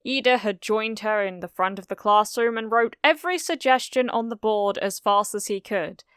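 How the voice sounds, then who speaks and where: Bright, clear woman reading a story. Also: medium pitch, moderate pace, no room sound, clean studio sound. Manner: reads each character in a lightly changed voice. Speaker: fanfiction reader. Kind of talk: storybook narration with character voices.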